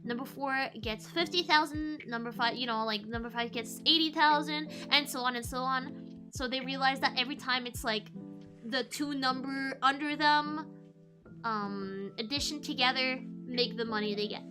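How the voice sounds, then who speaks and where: A woman's voice: sits high, moderate pace, music in the background. A woman streamer casually recapping a show in a chatty, rambling way.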